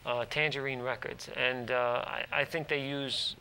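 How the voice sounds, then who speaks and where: Man, interview guest, rambling anecdotes, rough fry, faint studio hum. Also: medium pitch, little pitch movement, measured pace, bright, forceful tone, poor audio. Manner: rambling, restarts, lots of "like". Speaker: actor, guest. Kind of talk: casual interview storytelling.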